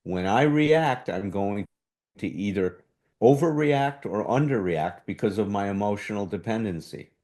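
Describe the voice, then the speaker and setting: This man leading a relationship workshop has a fairly low, darkish voice with lively intonation, and he speaks unhurriedly. He teaches conversationally and occasionally imitates the sound of defensive speech.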